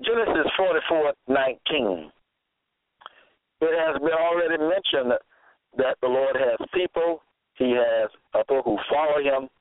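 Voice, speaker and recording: Slow, deliberate preaching man, phone-like. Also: mid-range voice, no echo. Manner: measured, emphatic, repeats key phrases. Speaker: preacher presenting a case. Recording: dry tinny phone-like sound.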